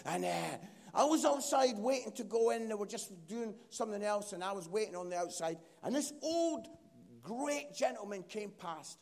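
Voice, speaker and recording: Gravelly Scottish preacher telling stories. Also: male voice, high-pitched, normal speed. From Scotland. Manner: animated storytelling, acts out quotes. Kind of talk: sermon. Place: church.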